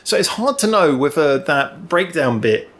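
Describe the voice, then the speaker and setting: A man's voice: fairly high pitch, very animated, normal speed, fairly bright tone. A man hosts his own music review channel, thinking aloud as he talks through a song. He rambles and restarts often, filling gaps with ums. He is recorded alone indoors, speaking to a camera in front of him. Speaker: music reaction channel host.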